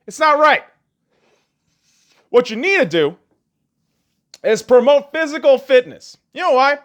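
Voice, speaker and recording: A man's voice: very high voice, very animated, normal speed, pauses often, fairly bright tone. A man hosting a podcast, ranting crudely and heatedly with heavy swearing. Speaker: podcast host. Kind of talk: profane podcast rant.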